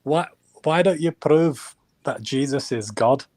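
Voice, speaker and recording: A man's voice: fairly high pitch, slow, a little mellow, no echo. A man calling into a live stream, pushy, repeating his challenges. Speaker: caller.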